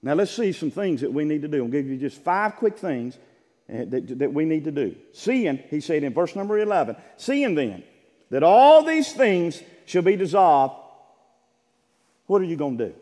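A preacher with a high voice delivers his sermon in a reverberant church sanctuary. He reads verses in a measured way, then climbs into shouted, fervent exhortation. The long echo of the hall carries every line. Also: big pitch swings. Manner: builds from measured reading to shouted fervor. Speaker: Baptist preacher.

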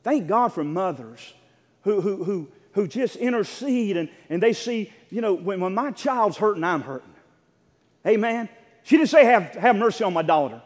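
A man preaching a sermon, repeating phrases for emphasis and swelling into shouted peaks. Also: high-pitched, expressive, measured pace, in a large hall.

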